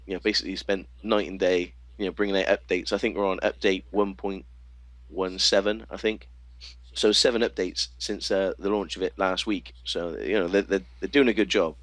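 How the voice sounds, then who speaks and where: A man's voice: low voice, no room sound. A man from the United Kingdom, a guest on a casual podcast over a video call, easygoing and hesitant with many fillers. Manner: easygoing, hesitant, many ums and you-knows.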